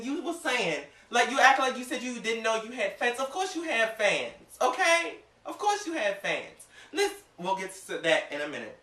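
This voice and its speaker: A man hosting his own vlog in a theatrical, gushing way, swinging from loud outbursts to near-whispers. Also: very high-pitched, sing-song, moderate pace, hardly any pauses, far from the mic. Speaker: vlog host. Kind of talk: excited vlog monologue. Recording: echoey room, voice set back from mic.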